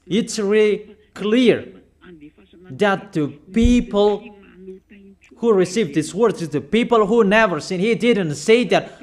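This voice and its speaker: A man preaching a sermon, insistent and repeating phrases slowly for emphasis. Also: sits high, animated, a little mellow.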